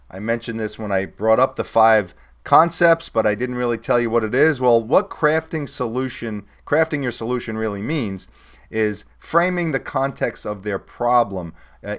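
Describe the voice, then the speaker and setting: A middle-aged man teaching a recorded sales course, now and then acting out sample phone calls in a brighter voice. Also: mid-range voice. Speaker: sales trainer.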